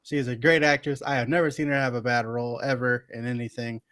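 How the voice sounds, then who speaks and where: A man's voice: medium pitch, level tone, fast, fairly bright tone, clear, resonant tone, no room sound, clean studio sound. A young adult man co-hosting a podcast, chatting animatedly with emphatic opinions and casual swearing. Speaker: podcast co-host. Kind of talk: casual chat.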